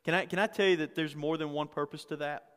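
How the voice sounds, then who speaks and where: A man's voice: fairly high pitch, steady tone, fast, a bit bright, smooth, big-room sound. A male pastor preaching a conversational sermon, often repeating words and asking the congregation questions.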